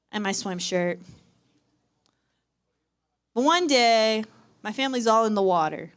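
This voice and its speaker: Young woman, mid-pitch, dry wit, live stand-up storytelling on a campus stage. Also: moderate pace, long pauses, clear, resonant tone. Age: young adult. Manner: wry, self-deprecating, lively delivery. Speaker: student performer. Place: university performance stage.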